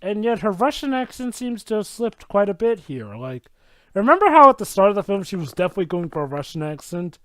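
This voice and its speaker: A man's voice: high-pitched, sing-song, a little fast, fairly bright tone, no echo. A man co-hosting a casual movie commentary, full of teasing jokes. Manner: teasing, jokey remarks. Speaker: podcast co-host.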